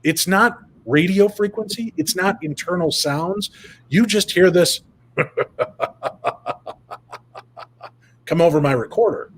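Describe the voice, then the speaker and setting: A man guesting on an interview over a video call, telling stories in an animated, casual way. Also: sits high, normal speed, slight background noise. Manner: animated, retells events with quoted dialogue. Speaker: paranormal investigator guest.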